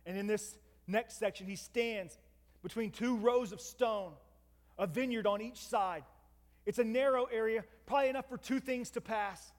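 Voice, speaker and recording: A man's voice: sits high, a little mellow. A man preaching a storytelling sermon, retelling a scripture story dramatically with asides to his listeners. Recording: long hall reverb.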